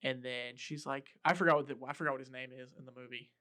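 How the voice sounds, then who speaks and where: A man's voice: medium pitch, fast. A man hosting a casual podcast, animatedly retelling a film scene by scene. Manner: animated storytelling, acting out quotes. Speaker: podcast host. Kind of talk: casual chat.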